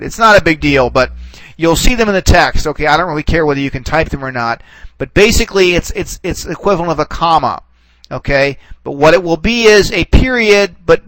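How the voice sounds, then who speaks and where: A man with a somewhat high voice teaches a recorded lesson in a relaxed, reassuring way. He stumbles, repeats words and keeps checking in with "okay." The sound is dry, with no room echo. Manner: halting, full of restarts and "okay"s. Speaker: Greek teacher. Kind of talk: recorded classroom lecture.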